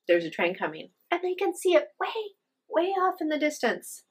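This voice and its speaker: A woman's voice: high-pitched, sing-song, normal speed. A woman telling a spoken ghost story with drama, acting out the voices of her characters.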